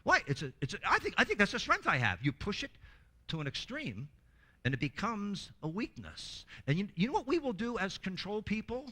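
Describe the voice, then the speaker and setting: A man presenting a workshop in a lively, humorous teaching talk who acts out quoted voices and often restarts his words. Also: high-pitched, fairly quick.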